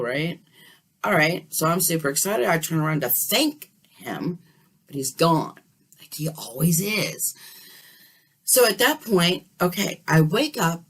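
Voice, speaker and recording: A woman telling a story in a casual, animated way, often checking in with her listener. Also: deep voice, slightly rough. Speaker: dream vlogger.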